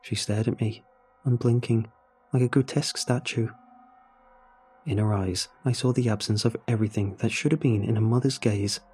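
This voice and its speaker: A man narrating a horror story in a measured, suspenseful way. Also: lowish voice, steady tone, warm tone, slightly rough.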